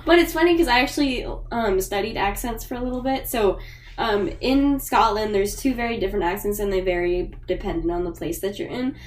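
A woman's voice: medium pitch, fairly quick. A woman co-hosting a casual podcast chat, giggly and chatty, explaining at length. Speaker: podcast co-host.

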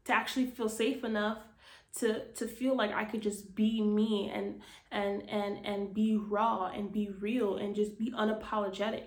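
A woman with a mid-range voice hosts a podcast, giving a casual motivational talk indoors to camera in an echoey room. She speaks frankly and earnestly, swearing freely and repeating phrases for emphasis.

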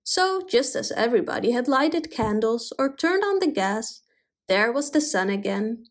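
A woman reading a fairy tale aloud in an expressive, animated way. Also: fairly high pitch, moderate pace. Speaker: storyteller. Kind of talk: storybook reading.

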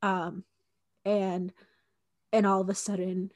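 A young woman in her twenties tells a personal story in a loose, conversational way. She scatters "like" and fillers through her talk and acts out what each person said. Her voice sits at an ordinary middle pitch for a woman. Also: little pitch movement, slow, darkish tone. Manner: conversational, frequent "like" and fillers, acts out quoted dialogue.

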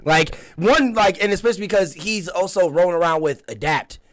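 A man in casual conversation, rambling through a story with exclamations and laughs. His voice sits on the high side. The sound is dry and close, with no room around it. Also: animated, fairly quick, no echo. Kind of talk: casual chat.

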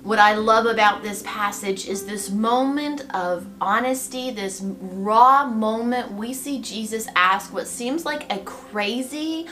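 A woman giving a devotional Bible teaching in a reflective, gently expressive way. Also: on the high side, slow pace, hardly any pauses. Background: soft guitar music.

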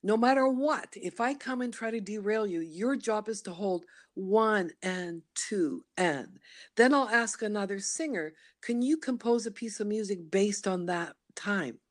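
A woman's voice: medium pitch, a little slow. A middle-aged woman from Canada, a voice workshop leader, telling her story in an interview and acting out her inner voice in playful asides. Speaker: guest, studio founder and voice workshop leader. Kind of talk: conversational interview.

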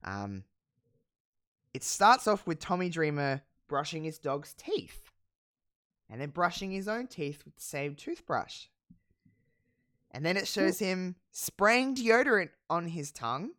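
Podcast host, casual recap, animated storytelling, swears freely, dry close sound. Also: medium pitch, slow pace, long pauses, no room sound. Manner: animated storytelling, profane, laughing. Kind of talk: casual chat.

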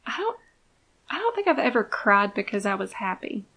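A woman co-hosting a podcast in casual chat, blunt and deadpan in manner. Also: mid-range voice, normal speed. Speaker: podcast co-host.

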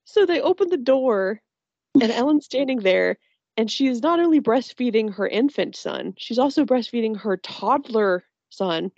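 Woman, casual podcast co-host, higher husky voice, giggly, dry lo-fi sound. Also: animated, moderate pace, a little mellow, no room sound. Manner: giggly, quotes lines in character voices. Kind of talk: casual chat about a movie.

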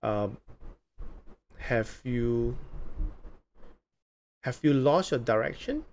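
Deliberate male interview show host. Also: medium pitch, expressive, a little mellow. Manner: deliberate, repeats phrases slowly, hesitant fillers. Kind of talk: hosting a live interview show.

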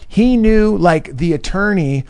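A man's voice: sits high, a little slow, clear, resonant tone. A man from California, a comedian, telling a long casual story in a podcast chat and acting out his friends' lines. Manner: animated, acts out quoted friends, swears freely.

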